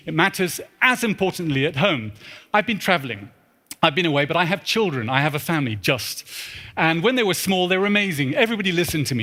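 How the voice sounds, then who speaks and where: A man in his forties giving a humorous storytelling talk in a large church, animated and acting out the dialogue. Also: fairly high pitch. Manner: animated, acts out dialogue in put-on voices. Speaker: keynote speaker.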